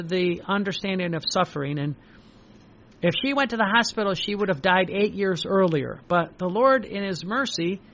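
An older male priest with a high voice, preaching and weaving in stories from his own life. He talks haltingly, stopping to repeat himself and filling gaps with "uh". The recording sounds dull and lo-fi. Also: fairly bright tone. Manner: halting, repeats words, many fillers.

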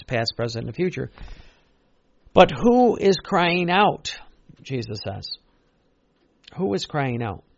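A man's voice: medium pitch, gravelly, no room sound, highs cut off. A man preaching a sermon in an earnest, repetitive way, stressing key phrases and often restarting.

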